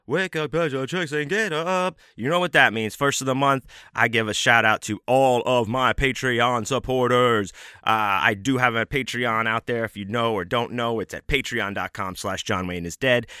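A man hosting his own podcast, talking in a laid-back, rambling way with plenty of fillers as he gives shout-outs. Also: medium pitch, clean tone, no echo, studio quality. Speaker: podcast host.

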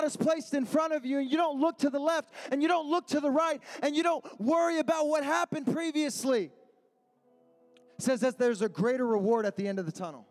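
Young male youth pastor with a very high voice, preaching with rising shouted refrains and faint music behind. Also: fairly quick. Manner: builds to shouted refrains, slangy, repetitive calls. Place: youth service gathering.

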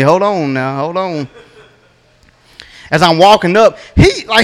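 Man, 30s, stand-up comic, high voice, drawling laid-back delivery. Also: a bit bright. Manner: laid-back drawling storytelling with punchy asides. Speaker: stand-up comedian. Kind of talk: stand-up comedy set. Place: comedy open mic stage.

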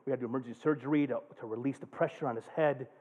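A male pastor preaching a sermon, moving from a quiet, subdued personal story to loud, passionate preaching. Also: mid-range voice, steady tone, rapid-fire, husky. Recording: tinny phone-like sound.

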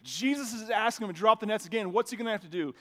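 A man with a notably high voice delivers a sermon from the pulpit. He keeps it conversational and chatty, then swells into emphatic, animated passages. He speaks into a microphone in a church. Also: rapid-fire. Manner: conversational preaching, builds to emphatic bursts. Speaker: pastor. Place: church sanctuary with a sound system.

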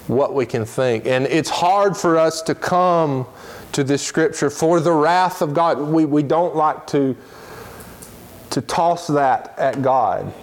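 Earnest man teaching a Bible lesson. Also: a little high. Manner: earnest, reads scripture aloud in quick bursts. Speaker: Sunday school teacher.

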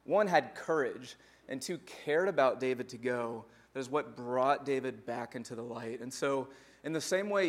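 A young adult man, a pastor, gives a conversational sermon built on numbered points with lively asides. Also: mid-range voice.

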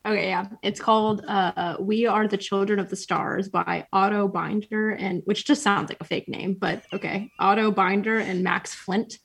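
A young woman co-hosting a podcast in casual chat, upbeat and quick to laugh. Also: mid-range voice, steady tone, creaky, husky, low-quality recording. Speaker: podcast co-host.

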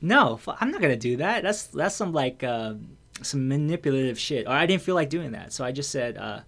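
A man's voice: mid-range voice, big pitch swings, fairly quick, a bit bright. An American man telling a personal story in casual conversation. He talks candidly, swears freely and fills his speech with restarts and fillers.

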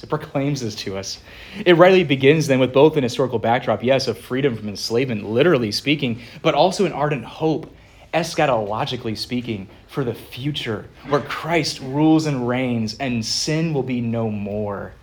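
A man preaching a sermon as pastor, earnest, slowing down and swelling louder on the key phrases. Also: mid-range voice.

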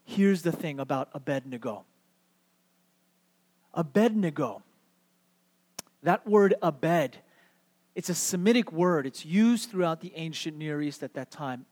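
Male pastor, high voice, animated sermon storytelling, long hall echo. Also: takes it slowly, long pauses. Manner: animated storytelling, repeats key words for emphasis; playful, asks the audience questions.

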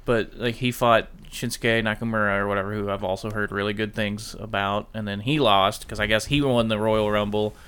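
A man with a bright, forceful tone and a slightly low voice talks casually on a podcast. He rambles and cuts himself off. He slips into quick impressions of what people said. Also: steady tone, smooth. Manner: rambling, self-interrupting, mock-quoting people. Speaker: podcast co-host. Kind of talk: casual chat about wrestling.

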